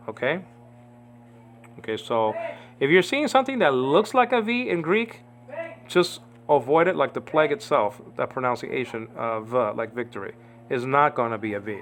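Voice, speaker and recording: A man's voice: mid-range voice, a bit bright, slight background noise. A man giving an informal Bible Greek lesson, rambling and often checking in with "okay?" and "you understand?". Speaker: Greek language teacher.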